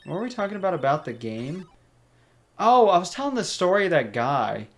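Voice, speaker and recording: A man's voice: high voice, big pitch swings, a little fast. Rambling young man commenting on gameplay. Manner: rambling, goes off on tangents; chatty, laughs often. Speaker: let's play host. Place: home room.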